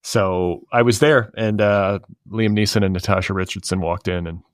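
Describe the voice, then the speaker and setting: 50s guy hosting a podcast, lowish voice, dry close sound, rambly and easygoing. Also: moderate pace, clear, resonant tone, no room sound. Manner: rambling, relaxed, lots of fillers. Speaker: podcast host. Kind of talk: casual chat.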